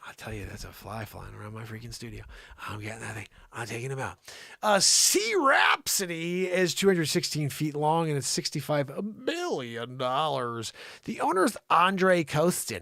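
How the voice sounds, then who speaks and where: A man hosting an improvised comedy news show, riffing sarcastically with sudden loud outbursts and low mutters in his studio. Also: sing-song, normal speed, creaky, no echo. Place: home studio.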